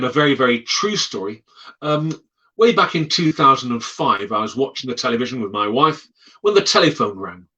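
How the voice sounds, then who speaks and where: A man telling ghost stories as a guest, dramatic and animated, acting out the voices. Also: medium pitch, low-quality recording. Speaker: storyteller guest. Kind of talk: spoken ghost storytelling.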